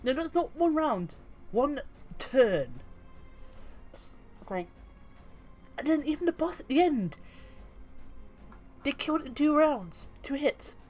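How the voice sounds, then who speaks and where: A woman's voice: high voice, very animated, slow, long pauses, a little mellow, faint music behind. A British woman casually commenting on tabletop game memes, chatty and swearing freely. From Britain. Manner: chatty and swearing, trailing off mid-thought. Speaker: YouTuber reading memes.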